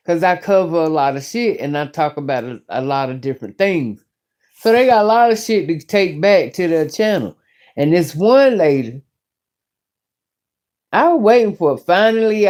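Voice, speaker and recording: This middle-aged woman runs her own YouTube commentary channel and rants casually to the camera in a blunt, profane, rambling way. She has a low, mellow voice.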